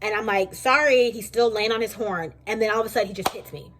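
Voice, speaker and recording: A woman's voice: medium pitch, quick pace. Chatty young woman vlogging at home. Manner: animated, chatty storytelling. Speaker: beauty vlogger. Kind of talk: casual vlog storytelling. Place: home kitchen.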